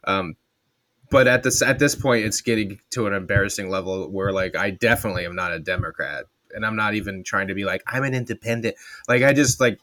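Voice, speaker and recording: Guy with a lowish voice rambling on in casual podcast chat, dry close sound. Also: fairly quick, no echo. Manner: rambling, animated, self-correcting.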